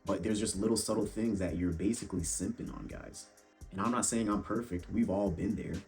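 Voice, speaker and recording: A young man with a very deep, low voice delivers blunt, swear-filled dating advice in a casual monologue. He keeps addressing the listener as bro. Faint music plays underneath. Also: a little fast, darkish tone. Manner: blunt, profane, calls viewers bro. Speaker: fitness and dating vlogger.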